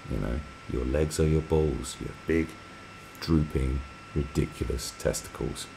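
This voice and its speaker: Very deep, gravelly sarcastic man. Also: unhurried, background noise. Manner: sarcastic, crude, mocking. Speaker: live stream host. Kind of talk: reading and mocking viewer comments.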